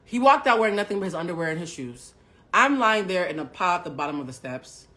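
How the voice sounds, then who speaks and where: A woman's voice: on the low side, big pitch swings, quick pace. Profane woman telling a story on a live stream. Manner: profane, swings between hushed asides and loud outbursts; talks directly to live chat.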